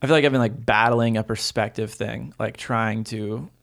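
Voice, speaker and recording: A young man in casual chat as a podcast co-host, relaxed and swearing freely, often acting out quoted voices. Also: lowish voice, moderate pace, gravelly.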